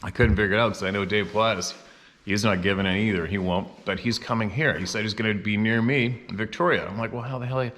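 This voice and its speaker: Blunt, fired-up man with a bright voice. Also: fairly low pitch, fast talker. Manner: blunt, fiery, swearing freely. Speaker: show host. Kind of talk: casual monologue.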